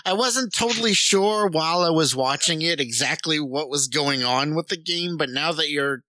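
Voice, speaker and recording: A man's voice: fairly high pitch, moderate pace, pushed and bright, dry recording. A man in casual chat who laughs often and answers with short agreeing replies.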